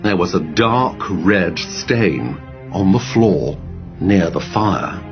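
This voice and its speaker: A man narrating an audiobook story in a measured storytelling manner. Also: deep voice, expressive. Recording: dull lo-fi audio with faint music.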